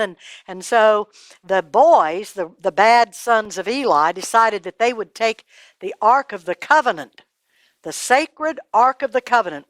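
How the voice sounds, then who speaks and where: A woman telling a Bible story to children in an animated, dramatic way, dropping her voice to a hush at times. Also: a little high, no echo.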